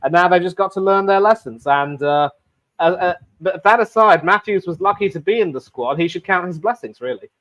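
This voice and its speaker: Animated man hosting a sports chat. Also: high voice, a little fast. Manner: animated, with many fillers and restarts. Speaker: sports show host.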